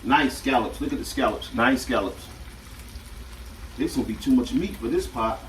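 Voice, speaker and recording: A man hosting a casual home cooking video, talking in a relaxed, repetitive way as he works. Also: mid-range voice, normal speed, reverberant, a little hiss or hum. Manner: chatty and relaxed, repeats himself often. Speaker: home cook and channel host. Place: home kitchen at the stove. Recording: distant mic with loud sizzling from the pan.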